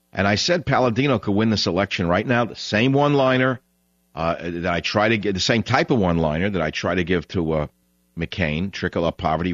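A man's voice: low voice, no room sound. Male talk radio host, close dry studio mic, slightly dull sound, rambling storyteller. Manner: rambling, animated anecdote teller.

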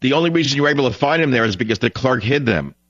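A man's voice: medium pitch, rapid-fire, no room sound. Male talk radio host, close dry studio mic, slightly dull sound, rambling storyteller. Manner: rambling, animated anecdote teller.

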